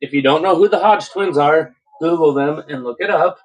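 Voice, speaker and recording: A man hosting a casual podcast, reading posts aloud with relaxed, jokey asides. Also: fairly high pitch, moderate pace, low-quality recording. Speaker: podcast host.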